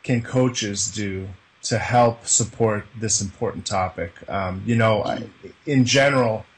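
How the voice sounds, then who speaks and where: A man's voice: fairly low pitch, a little slow. A man hosting a coaching show, asking questions and affirming the guest's answers with many fillers. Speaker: show host and interviewer. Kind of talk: interview questions.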